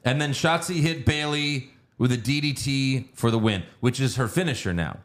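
A man's voice: medium pitch, moderate pace, a bit bright. Laid-back man plugging his podcast. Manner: laid-back, reads out plugs and recaps matter-of-factly. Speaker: podcast host. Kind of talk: casual chat and show plugs.

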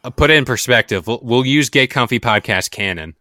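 A man's voice: mid-range voice, a little fast, bright, forceful tone, dry recording, clean studio sound. A young man co-hosting a casual podcast, joking and rambling as he talks. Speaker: podcast co-host. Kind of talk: casual podcast chat and read ad.

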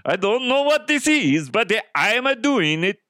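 A man's voice: high-pitched, very animated, very slow, warm tone, dry recording, studio quality, voice pushed up, full character voice. A man doing a mock German swim instructor. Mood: goofy. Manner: stiff mock German accent, breaking into laughter.

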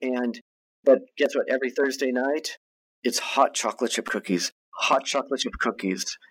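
A man of ordinary pitch tells a story as a podcast guest. He talks casually and often stumbles into restarts and repeated words as he builds the tale. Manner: animated anecdote-teller who restarts and repeats words. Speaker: guest, TV producer and director.

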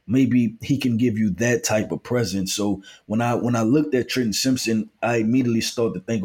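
A man co-hosting a casual sports podcast, speaking in a measured, conversational way with fillers as he poses questions. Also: mid-range voice, fairly even intonation, darkish tone, husky. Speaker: co-host, football analyst. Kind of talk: casual sports analysis chat.

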